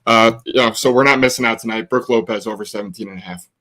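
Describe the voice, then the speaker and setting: A man's voice: on the low side, quick pace, bright, forceful tone, a little hiss or hum. Hyped emphatic male betting analyst. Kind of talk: sports betting picks.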